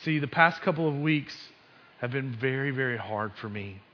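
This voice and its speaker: A man's voice: mid-range voice, animated, normal speed. A male pastor giving a conversational sermon, telling the story with sports asides and frequent restarts. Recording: dull sound with long hall reverb.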